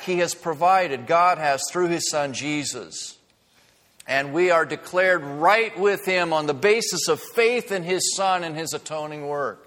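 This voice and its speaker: A man preaching a sermon to his congregation in a church, teaching earnestly, with rising emphasis and hushed asides. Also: fairly high pitch. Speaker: pastor. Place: church sanctuary. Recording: long reverb of a large church.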